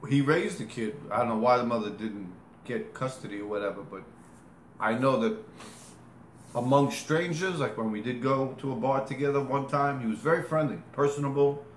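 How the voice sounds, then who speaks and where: A man's voice: medium pitch, moderate pace, a little hiss or hum. Rambling man in an echoey room. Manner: rambling, self-correcting, demonstrates with gestures. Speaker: interviewee. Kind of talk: casual storytelling. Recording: echoey room with faint ambience.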